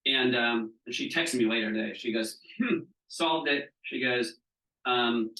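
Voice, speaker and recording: A man from Southeast Florida teaches a training group, acting out the people in his stories and frequently asking "right?" His medium-pitched voice is flat and sharp at a moderate pace, picked up by a distant mic in an echoey room.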